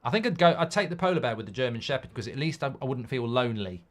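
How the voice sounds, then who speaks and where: A man at an ordinary middle pitch hosts a live football watchalong. He reads out viewer comments in casual chat, wanders off into silly hypotheticals and swears freely as he gets animated. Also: rapid-fire.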